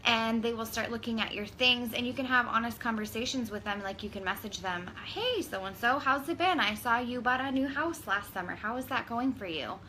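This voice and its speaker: A bright-voiced woman co-hosts a live stream in casual chat. She reads out viewer comments and makes playful apologies. Her voice sits high, with a faint hum behind it. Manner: chatty, reads viewer comments aloud, quick to apologize jokingly. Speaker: direct sales consultant.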